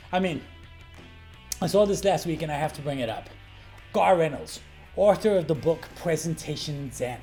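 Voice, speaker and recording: A middle-aged man coaching on presentations in a brash, animated vlog style, swearing freely for emphasis. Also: high voice. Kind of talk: energetic talking-head vlog. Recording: faint guitar music underneath.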